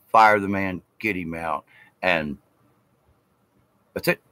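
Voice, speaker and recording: A man's voice: low-pitched, slow pace, bright, forceful tone, dry recording. A man telling a story in a casual vlog. He rambles from point to point and hits his words with emphasis. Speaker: vlogger.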